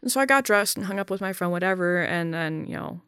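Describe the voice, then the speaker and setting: A young woman talking in a casual podcast conversation, halting and full of fillers and restarts, blunt and profane. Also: on the low side, animated, a bit bright, smooth, no echo, studio quality.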